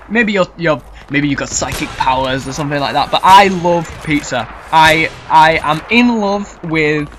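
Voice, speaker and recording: Yorkshire lad rambling on a q&a vid, nervous, swears a lot, high-ish voice, bit of hiss. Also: male voice, bright, forceful tone. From Yorkshire, England. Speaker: gaming YouTuber. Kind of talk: casual Q&A commentary.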